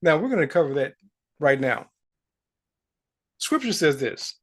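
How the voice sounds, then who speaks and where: A man who coaches manifestation, giving a motivational spiritual talk and quoting scripture slowly. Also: a little high, fairly bright tone. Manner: slow, deliberate storytelling, quoting scripture.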